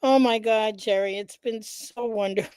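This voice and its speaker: A congested woman hosting her live vlog in a casual, chatty way, often pausing with "um" and greeting viewers by name. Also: on the high side, steady tone, a little mellow, smooth, no echo. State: congested, nasal stuffiness. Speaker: vlog host, founder of an organization. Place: indoors at home.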